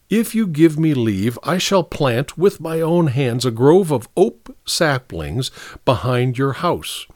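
A man's voice: a little high, no echo, clean studio sound, pitched above the performer's own voice. Courtly, genial old statesman, formal speech, man narrator. Audiobook.

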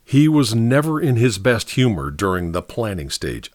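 A man's voice: on the low side, sing-song, normal speed, few pauses, no room sound, clean studio sound. A man narrating a mystery story as an audiobook, with a wry, theatrical delivery.

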